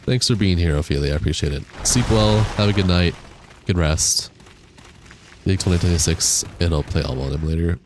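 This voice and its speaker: He streams a game live with a deep voice at a moderate pace, keeping the chat with his viewers relaxed and casual despite the hiccups. Game music comes through clearly, along with background noise.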